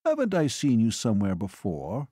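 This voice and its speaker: A man's voice: on the low side, wildly swooping pitch, moderate pace, warm tone, dry recording, studio quality. A man reading an audiobook, voicing an idle, supercilious staff officer.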